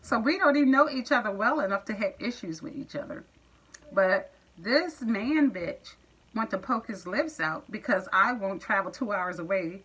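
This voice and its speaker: Bright, blunt woman ranting on camera. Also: medium pitch, husky, rough recording. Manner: blunt, profane, sassy. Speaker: vlogger. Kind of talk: ranting monologue to viewers.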